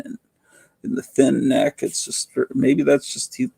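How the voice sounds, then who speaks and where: A man hosts a casual live stream, rambling as he reads out viewer comments. His voice is heavily gravelly and husky, with a dark, mellow tone. The sound is dry and close. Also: fairly high pitch, flat delivery, a little slow, dry recording. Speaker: host.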